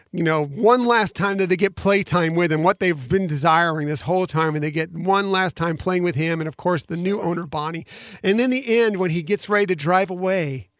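A man's voice: high voice, a bit bright, no room sound, studio quality. A man co-hosting a casual movie chat, heartfelt and rambling with restarts, getting teary. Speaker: podcast co-host.

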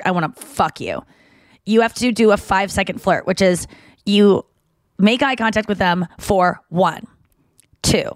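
A woman's voice: medium pitch, dry recording. A young woman co-hosting a chatty podcast, her mid-range voice recorded dry and close. She tells frank, crude stories and slips into the voices of the people in them. Her delivery is candid and unfiltered. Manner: candid, crude storytelling with acted-out quotes. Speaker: podcast co-host. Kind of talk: casual chat.

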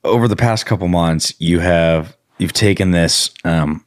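Deep-voiced man hosting an interview. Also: unhurried, no room sound, clean studio sound. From northeastern United States. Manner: relaxed, rambling questions with fillers. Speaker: podcast host. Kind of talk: casual interview chat.

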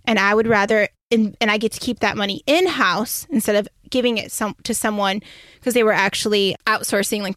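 A young woman career coach telling a story in a chatty, excitable way, full of "like". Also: medium pitch, dry recording, studio quality. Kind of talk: casual storytelling monologue.

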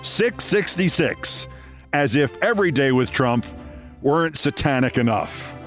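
A man's voice: mid-range voice, expressive, normal speed, faint music behind. Sardonic man hosting a podcast. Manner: sardonic, dramatic storytelling delivery. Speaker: podcast host. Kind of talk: scripted political commentary.

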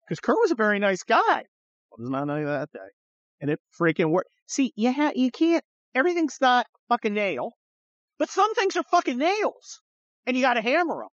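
Middle-aged male host, swearing storyteller, swooping lively pitch, dry and slightly muffled sound. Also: brisk, no echo. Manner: profane, animated, acts out quoted voices. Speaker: podcast host. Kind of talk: casual storytelling chat.

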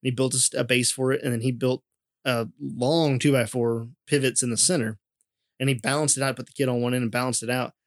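Brief: young male podcast co-host, easygoing storyteller, mid pitch, dry close mic. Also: fairly even intonation, fast, no room sound. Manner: laid-back, rambling with many fillers and laughs. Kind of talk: casual chat.

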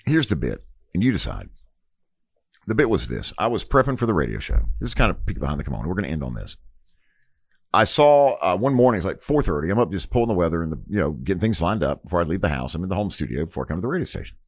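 A man's voice: low-pitched, very animated, fast talker, dry recording. A man co-hosting a radio podcast from a studio. He reads sponsor spots and banters casually, rambling with many fillers and restarts.

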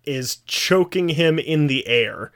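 A man's voice: fairly high pitch, slow pace. Man retelling a story, acting out lines. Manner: animated storyteller, acts out quoted lines. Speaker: podcast co-host. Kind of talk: casual chat.

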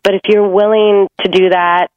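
A woman's voice: medium pitch, level tone, normal speed. Woman relationship coach, earnest and reassuring, slightly dull lo-fi sound. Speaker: relationship expert guest. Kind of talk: coaching talk on a podcast.

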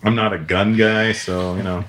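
A man's voice: lowish voice, normal speed, noisy background. A middle-aged man, hosting a podcast, telling stories casually and laughing along the way. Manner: animated, laughs through stories. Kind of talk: casual storytelling.

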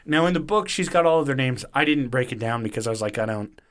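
A man's voice: mid-range voice, fast talker. A man hosting a podcast, casually retelling a story with swearing and acted-out quotes. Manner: animated retelling, swearing, acting out quotes in varied voices. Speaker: podcast host.

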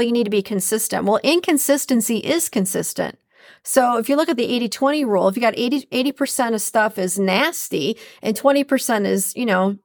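A chatty woman hosting a solo podcast, her fairly high voice carrying a gravelly fry. She talks loosely and animatedly, laughing often. The sound is dry and close. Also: no room sound. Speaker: podcast host. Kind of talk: casual solo podcast talk.

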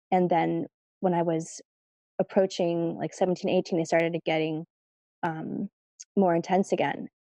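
Chatty woman with a mellow voice. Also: fairly low pitch, dry recording. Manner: chatty, lots of fillers, "like" and "you know". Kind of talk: casual personal storytelling.

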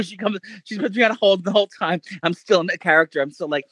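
Guy cohosting a podcast, talks super fast and swears a ton, high voice, acts out every line in the story. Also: breathy edge, no room sound. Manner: animated storyteller, swears a lot. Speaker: podcast co-host. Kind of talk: casual chat.

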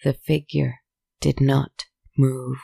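Gravelly, slow storyteller. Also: mid-range voice, flat delivery, mellow, no room sound. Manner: slow, solemn, measured. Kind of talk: scripted story narration.

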